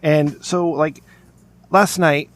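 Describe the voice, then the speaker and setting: A man's voice: a little high, fairly even intonation, slow. Profane, rambling male podcast host. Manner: rambling, profane storytelling with restarts. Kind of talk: casual profane podcast chat.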